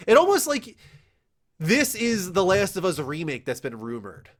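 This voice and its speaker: A young man hosting a casual entertainment news show, talking in an excitable, animated way with quick asides. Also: sits high. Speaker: show host.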